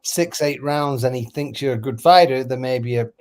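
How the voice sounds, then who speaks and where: A man in casual conversation who talks haltingly, with many fillers. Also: mid-range voice, a little mellow. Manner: halting, full of "you know" fillers. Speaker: guest.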